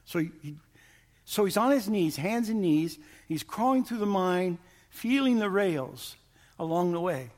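A man with a notably high voice narrates a story to a live audience. He tells it in an animated way and acts out the quoted lines. A long reverb from the big hall trails each phrase. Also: measured pace.

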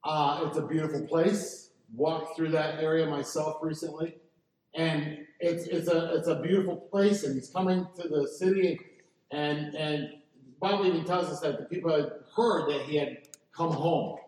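A man preaching a sermon as pastor, animated and asking the congregation to answer back. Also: on the high side, normal speed. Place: church sanctuary. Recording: echoey hall, mic from a distance.

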